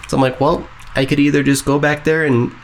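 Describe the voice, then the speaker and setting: A man's voice: on the high side, slight background noise. A man casually telling a story on a podcast in a laid-back way, often laughing along. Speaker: podcast co-host.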